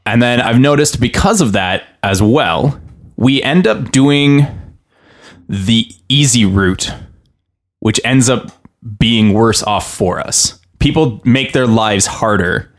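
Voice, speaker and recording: A man's voice: medium pitch, takes it slowly. A man co-hosting a podcast who rambles reflectively in casual chat, with restarts and chuckles. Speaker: podcast co-host.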